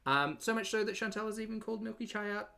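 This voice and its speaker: Man, Australian accent, sarcastic live-stream host, bright tense voice. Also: high voice, quick pace, gravelly. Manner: sarcastic, chatty, reads out super chats. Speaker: commentary channel host. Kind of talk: live-stream reaction commentary.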